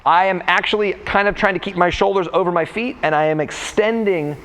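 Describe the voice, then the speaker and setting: A young man coaching warm-up exercises in a casual, joking way while demonstrating the moves. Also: sits high, brisk. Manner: playful, jokey, talks while exercising. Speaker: freerunning coach.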